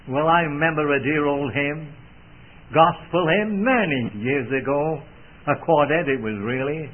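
Male preacher, earnest old-fashioned delivery, slightly high and animated, lo-fi narrow recording. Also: measured pace. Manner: old-fashioned, earnest, swells and drops in emphasis. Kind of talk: sermon. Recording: tinny phone-like band.

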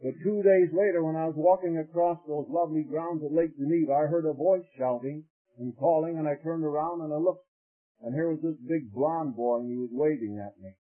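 A man's voice: on the high side, fairly quick. A man preaching a revival sermon with fervent, impassioned peaks and folksy storytelling. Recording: narrow tinny old radio broadcast.

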